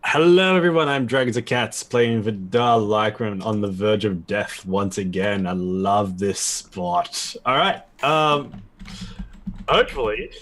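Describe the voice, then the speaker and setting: A man's voice: medium pitch, fairly bright tone. A man playing in a tabletop role-play game who chats casually and upbeat with the group. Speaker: player. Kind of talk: casual chat. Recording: faint background music.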